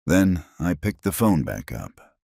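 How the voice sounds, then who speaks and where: A middle-aged man narrates a first-person story slowly and deliberately, leaving dramatic pauses. His voice sits extremely low. The recording is close and dry. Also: big pitch swings, creaky, warm tone, no echo.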